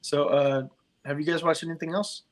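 A man hosting a podcast in casual chat, animated and profane, acting out his reactions. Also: fairly high pitch, normal speed. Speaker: podcast host.

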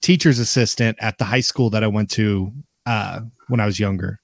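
A man's voice: on the low side, moderate pace, creaky, no room sound. Laid back young guy from oklahoma telling a story, dry close mic. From Oklahoma, USA. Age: young adult. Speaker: podcast guest. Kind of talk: casual storytelling.

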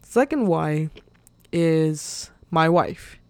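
A woman speaks very slowly on her solo podcast, her low-pitched, slightly mellow voice full of lively intonation. The talk is casual, rambling and earnest, dotted with fillers and little laughs, and openly emotional. There's no echo.

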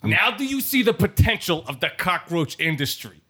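A man's voice: high-pitched, very animated, moderate pace, bright, forceful tone, breathy edge, faint music behind. A man with a put-on Italian-American accent, performing a pushy, insistent salesman in an improvised comedy sketch and repeating himself often.

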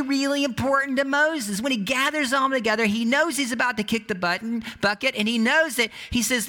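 A man preaching a sermon in a conversational, animated storytelling way, often restarting his sentences. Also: very high voice, fairly quick, hardly any pauses. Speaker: pastor.

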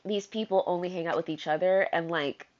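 A woman's voice: on the low side, fairly even intonation, brisk, a little mellow, slight background noise. A young adult woman giving a candid personal monologue, rambling and slangy, with plenty of swearing and fillers. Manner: rambling, slangy and profane, heavy on "like". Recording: slightly muffled lo-fi recording.

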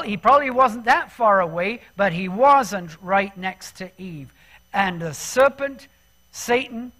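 High-voiced male preacher, lively and talky. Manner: conversational and animated, asks the congregation questions. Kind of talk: sermon.

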